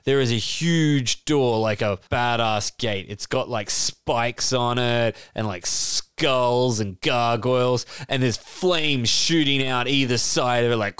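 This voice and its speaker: A man narrating an improvised tabletop game as game master, rambling with fast asides. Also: medium pitch, fairly bright tone, clear, resonant tone, no echo, clean studio sound.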